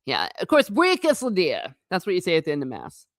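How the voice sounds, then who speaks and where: Chatty woman host with a low, dry voice. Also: huge pitch swings, fast, gravelly, no room sound. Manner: chatty and rambling, laughing often, self-correcting. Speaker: livestream host; former teacher. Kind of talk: casual livestream chat reading comments.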